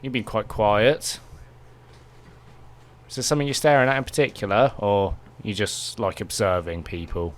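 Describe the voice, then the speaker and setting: A man voicing a smug, distrustful male head scholar who needles with sarcastic questions in a somewhat low voice. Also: normal speed, lightly acted. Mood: mocking.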